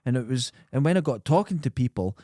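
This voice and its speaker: A man from Scotland with a Scottish accent, co-hosting a podcast and telling stories in an animated, swearing way. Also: mid-range voice, fast talker, no echo, clean studio sound. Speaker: podcast co-host. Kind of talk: casual chat.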